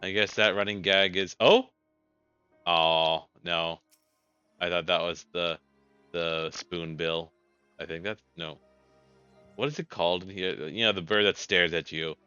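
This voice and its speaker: Low voiced guy rambling thru a game playthrough, crisp punchy voice, jokey, lo-fi audio w faint music. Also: fairly even intonation, measured pace, long pauses, sharp tone, dry recording. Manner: rambling, self-correcting, joking. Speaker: let's play gamer. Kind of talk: casual gameplay commentary.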